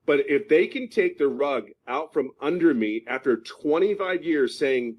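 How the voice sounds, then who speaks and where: A man's voice: a little high, expressive, a little slow, few pauses, darkish tone, low-quality recording. A man in his fifties from Philadelphia giving a passionate testimonial, emphatic and repeating himself for stress. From Philadelphia, USA. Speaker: program member giving a testimonial. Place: at home in California.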